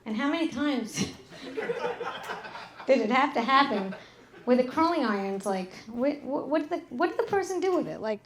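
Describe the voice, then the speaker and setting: A middle-aged woman doing a live stand-up set, brash and profane, with deadpan asides. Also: high-pitched, moderate pace, long pauses, roomy sound. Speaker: stand-up comedian. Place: club stage with an audience. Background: audience laughter.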